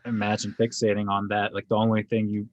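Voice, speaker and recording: A relaxed man in casual podcast chat who chuckles often and asks questions. His voice sits a little low. The recording sounds dull and lo-fi, dry and close. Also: quick pace, dry recording. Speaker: podcast co-host. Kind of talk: casual book discussion.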